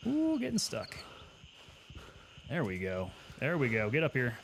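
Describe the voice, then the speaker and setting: A man talks casually through his gameplay, wondering aloud and answering viewers' questions. His voice sits at an ordinary mid pitch. A faint hiss stays under the voice. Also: huge pitch swings, unhurried, vocal fry. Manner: chatty, thinks aloud, answers chat questions. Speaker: gaming streamer and Army veteran. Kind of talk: casual live gameplay commentary.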